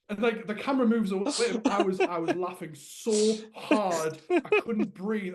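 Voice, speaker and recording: A man with a notably high voice co-hosting a relaxed podcast. He rambles through stories in an easy, casual way and often laughs mid-sentence. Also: moderate pace, hardly any pauses, a crowd in the background. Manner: chatty storyteller, laughs while talking. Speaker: podcast co-host. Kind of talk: casual chat.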